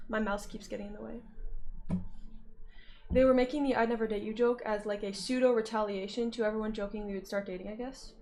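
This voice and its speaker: A woman's voice: a little high, a little mellow. A young woman streamer reading chat aloud and answering it in a playful, teasing way, laughing often and humming or singing in little snatches. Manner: reads chat messages aloud and answers them. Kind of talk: casual livestream chat.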